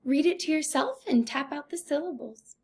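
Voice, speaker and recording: A woman teaching a recorded first grade phonics lesson, speaking slowly and deliberately in an encouraging teacher's way. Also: sits high, animated.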